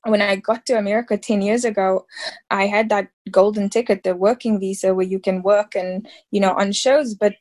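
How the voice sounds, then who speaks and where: A woman's voice: medium pitch, fairly even intonation, normal speed, darkish tone. A woman in her thirties from South Africa, an actress talking casually in an interview, rambling and full of fillers. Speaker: actress guest.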